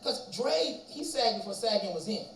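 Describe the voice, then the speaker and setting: Animated male chapel storyteller, roomy sound. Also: sits high, normal speed, creaky, very noisy. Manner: animated storytelling, acts out quoted voices. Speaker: chapel speaker. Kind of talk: storytelling sermon. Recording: roomy echo from distance, faint ambience.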